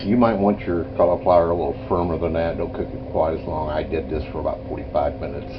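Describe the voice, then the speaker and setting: A man's voice: rumbling low, fairly even intonation, fast talker, noisy background. An older man cooking at home and chatting in a casual, folksy, rambling way for his vlog. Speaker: home cook. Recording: dull lo-fi home video with faint music.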